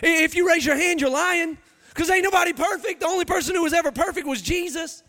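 A man, preaching a sermon with impassioned, confessional energy and loud, half-sung emphasis. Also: extremely high pitch, fast. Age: 30s.

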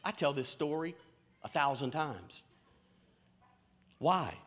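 Bright lively high-voiced preacher man. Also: slow, pauses often. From American South. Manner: lively storytelling preacher, folksy Southern phrasing. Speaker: pastor. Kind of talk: sermon. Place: church stage.

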